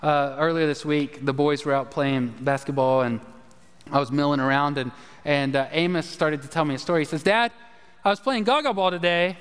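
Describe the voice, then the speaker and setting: A male pastor delivers a conversational, folksy sermon full of asides. His voice sits a little high for a man. The long reverb of a large church hall rings around his words. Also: normal speed, smooth.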